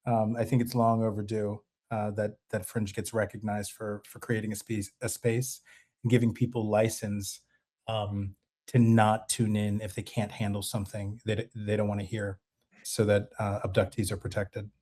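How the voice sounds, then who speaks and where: A male host speaks on a live stream in a low voice with very little rise and fall. He sounds relaxed and measured, with occasional ums.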